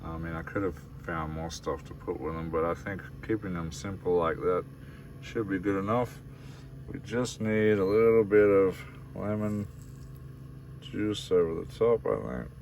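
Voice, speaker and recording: A man's voice: low voice, a little slow, a little mellow, slight background noise. An Australian man from Australia casually vlogging his cooking inside a camper van, rambling along with lots of fillers and calling his viewers guys.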